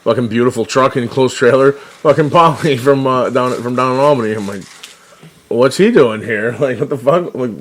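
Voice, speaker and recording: A man's voice: medium pitch, normal speed. A man co-hosting a casual podcast, telling a story with lots of swearing and laughter. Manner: profane, laughing, loose storytelling. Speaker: podcast co-host. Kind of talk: casual chat.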